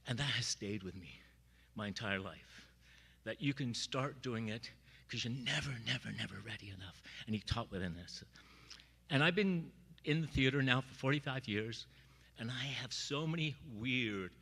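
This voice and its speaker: A middle-aged man speaking at a memorial, telling personal stories in an animated way and acting out the voices he quotes. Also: medium pitch, big-room sound. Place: church sanctuary.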